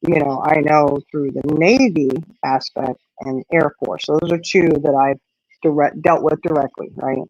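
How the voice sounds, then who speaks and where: Out on an evening walk, a middle-aged livestream host chats casually with viewers, answering them in a rambling way full of "you know." Her voice is deep, a little mellow, and unhurried. There's no echo, but the sound is muffled.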